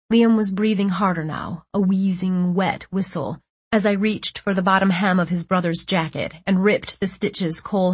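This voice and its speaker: A woman with a lowish, breathy voice narrates a story in the first person, tense and measured. The recording is close and completely dry, with no room sound. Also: no echo. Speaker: audiobook narrator.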